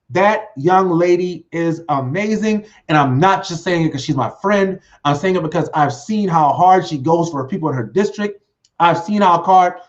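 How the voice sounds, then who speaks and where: A high-pitched man hosts his own livestream show, rambling with excitement and tripping over fillers and restarts. The sound is dull and lo-fi, from a computer webcam mic at a home desk. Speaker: host. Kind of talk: solo livestream talk show. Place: home desk setup with green screen.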